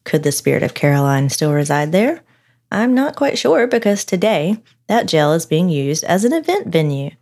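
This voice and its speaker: A woman's voice: lowish voice, sing-song, normal speed, a little mellow. A woman co-hosting a podcast, telling a story and bantering in casual chat. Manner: chatty, narrating then bantering. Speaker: podcast co-host.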